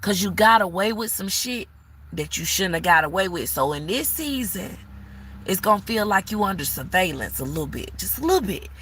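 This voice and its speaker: A woman's voice: medium pitch, lively intonation, a little fast, fairly bright tone, slight background noise. A woman giving a live-stream tarot reading, sassy and blunt, cursing freely and scolding the viewer like an auntie. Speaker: tarot reader.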